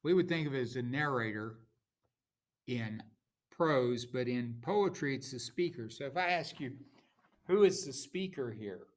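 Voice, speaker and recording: A man teaching a recorded lesson, explaining in a slow, informal way and correcting himself as he goes. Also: mid-range voice. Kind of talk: recorded lecture.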